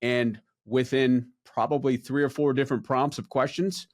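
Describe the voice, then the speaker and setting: A man's voice: medium pitch, fairly even intonation, normal speed, darkish tone. A man hosting a podcast, explaining ideas to his listeners in an easygoing, conversational way. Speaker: podcast host, wealth advisor. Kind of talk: podcast interview.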